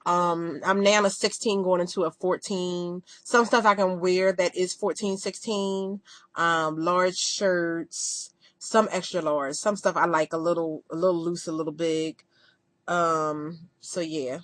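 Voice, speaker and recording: A woman's voice: on the low side, fairly even intonation, no room sound. A woman in her thirties chatting candidly to the camera in a rambling video diary. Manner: chatty and candid, quick rambling talk with fillers. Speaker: vlogger.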